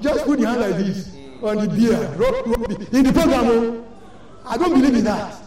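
Older nigerian lady preaching, mellow deep-ish tone, scolding and repeating herself, big echoey church heard from afar. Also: animated, moderate pace. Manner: emphatic, repetitive, scolding. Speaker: church elder. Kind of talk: sermon exhortation. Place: large church hall. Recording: echoey church hall from far off.

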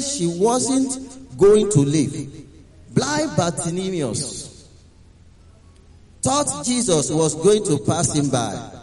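A man's voice: high-pitched, a little mellow, in a large hall, low-quality recording. A man preaching a dramatic sermon, sometimes drifting into a sung chant.

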